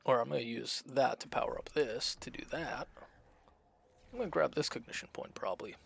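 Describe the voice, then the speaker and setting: A man streaming a strategy game, chatting casually and thinking out loud as he plays, with frequent fillers and restarts. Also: mid-range voice, a little fast, creaky, slightly rough. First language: Russian. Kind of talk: casual gameplay commentary.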